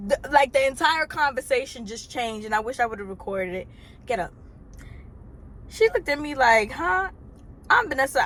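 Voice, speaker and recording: A woman's voice: fairly high pitch, slight background noise. Chatty woman vlogging from her car. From Trinidad. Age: 30s. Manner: animated, chatty storytelling with exasperated asides. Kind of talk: casual storytime vlog. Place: parked car.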